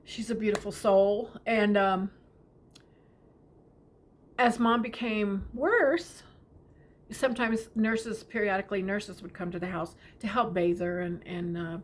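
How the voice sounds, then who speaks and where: A middle-aged woman shares a family memory in a gentle, heartfelt way. Her voice often softens to a near whisper, and her pitch sits in an ordinary middle range. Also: measured pace, long pauses, slight background noise. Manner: tender, often drops to a whisper. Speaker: storyteller. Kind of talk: personal storytelling.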